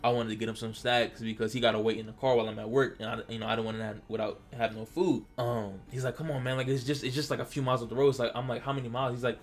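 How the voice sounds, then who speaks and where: A man from Delaware telling a personal story in casual vlog style, animated and stammering, acting out what he said back then. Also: mid-range voice, very fast, few pauses. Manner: animated, stammering, acts out his own past lines. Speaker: storytelling vlogger.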